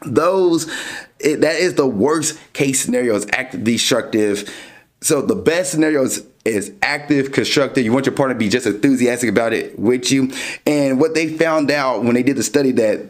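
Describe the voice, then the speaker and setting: A man's voice: mid-range voice, normal speed. A man hosting a dating podcast, casually explaining ideas through everyday examples. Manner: explains through everyday examples, animated when acting out scenes.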